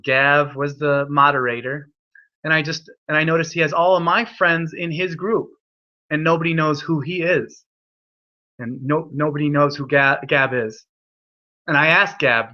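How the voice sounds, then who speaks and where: A man's voice: a little high, fairly even intonation, moderate pace, lo-fi sound. A young man hosting an online hangout, telling a rambling, profane story full of restarts. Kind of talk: rambling casual chat.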